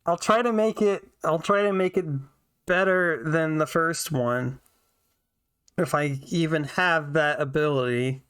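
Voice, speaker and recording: A woman's voice: deep voice, measured pace, a bit bright, clear, resonant tone, no room sound, clean studio sound. A woman streaming a video game, chatting casually with her viewers in a giggly, self-conscious way from her home. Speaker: vtuber streamer. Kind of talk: casual let's-play commentary. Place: home room.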